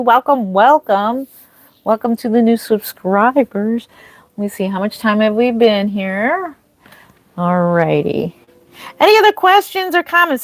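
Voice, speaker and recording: Streaming live as a reborn doll artist, a woman with a fairly high voice chats casually, saying hello to viewers and responding to their comments. She says "um" a lot and often restarts her sentences, and there's no room sound.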